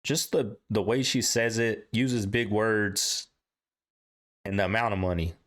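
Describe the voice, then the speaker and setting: A man's voice: on the low side, steady tone, unhurried, a bit bright. Emphatic man hosting a reaction video. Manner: emphatic, repeats words for stress. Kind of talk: casual reaction commentary.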